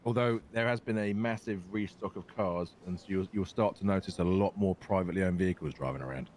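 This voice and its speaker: A man's voice: sits low, fast talker, a little mellow, a little hiss or hum. A British man chatting in character during a role-play game, matter-of-fact and swearing casually.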